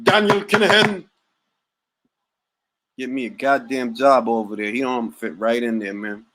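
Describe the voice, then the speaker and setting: A man's voice: mid-range voice, fairly even intonation, normal speed, poor audio. A man hosting a boxing talk livestream, joking around in casual slang and repeating catchphrases. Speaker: boxing talk show host.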